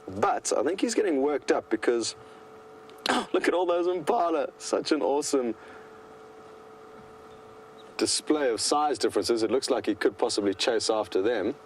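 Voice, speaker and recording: A man giving live commentary as a safari guide from a vehicle in the bush. He sounds calm, chatty and enthusiastic. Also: mid-range voice, measured pace, pauses often, a little hiss or hum.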